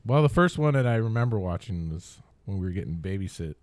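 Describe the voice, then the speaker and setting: A man speaks low but with a lively, swinging pitch as a podcast guest. He talks bluntly and laughs often. The sound is dry and close. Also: quick pace, no echo. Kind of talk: casual chat.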